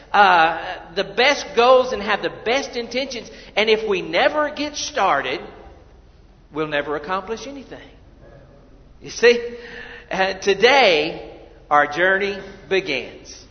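A male pastor preaching a sermon in a church, earnest and conversational, repeating his words and asking the congregation questions. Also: high-pitched. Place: church sanctuary. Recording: dull audio with long hall reverb.

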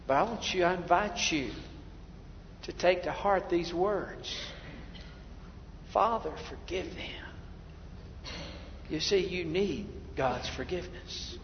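A male pastor preaching a sermon in a high voice, dropping to near-whispers and rising to ringing, impassioned lines. The sound is dull and lo-fi, with a long reverb from a large hall. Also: a little slow, slight background noise. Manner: preaching with swings from hushed to loud.

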